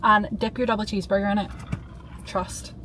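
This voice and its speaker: A young woman vlogging in a casual, rambling way, bubbly and quick to get excited. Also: mid-range voice, a little hiss or hum, rough recording. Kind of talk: casual chatty vlog.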